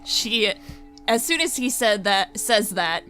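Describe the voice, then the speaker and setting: Bright-voiced woman playing a tabletop game. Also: mid-range voice, lively intonation, slow pace, soft background music. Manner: casual, acting out her character. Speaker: player.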